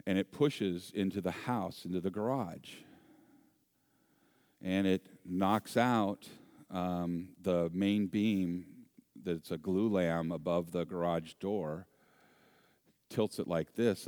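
A man preaching a sermon, an animated storyteller with self-deprecating humor. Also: sits low, slow pace, no room sound, clean studio sound. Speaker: pastor.

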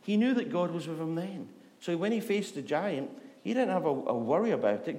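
A man preaching a conversational sermon, chatty and humorous, who often lowers his voice to a soft, hushed delivery. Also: lively intonation, a little fast, hardly any pauses.

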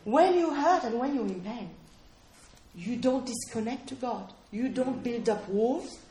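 Woman preacher, high voice, chatty sermon delivery that keeps checking in with the room, roomy echo. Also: lively intonation, unhurried, dark tone. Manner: conversational, keeps checking in with "okay?" and questions to listeners. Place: room with a small responding audience.

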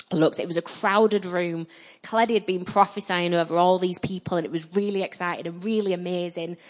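A woman in her thirties preaching a sermon, telling personal stories with animated, emphatic delivery. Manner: animated storytelling, rising loud and emphatic at high points.

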